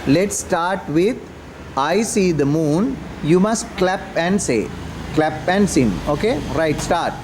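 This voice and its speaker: A male teacher leading a children's class, giving brisk, directive prompts in a classroom. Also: fairly high pitch, lively intonation, background noise. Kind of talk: classroom instruction.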